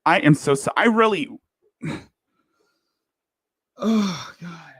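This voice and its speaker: A bright-voiced man rants into his desk mic, his tone swinging widely from fury to apology. He talks slowly, and the sound is dry and close. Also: sits high, expressive, slightly rough, no echo. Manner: heated, profane, lurching between fury and apology. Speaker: livestream commentator. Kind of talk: angry commentary rant. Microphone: desk microphone.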